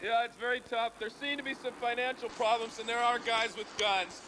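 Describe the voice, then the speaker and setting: A man's voice: very high voice, steady tone, fairly quick, background noise. A man joking in a mock-serious way during casual banter.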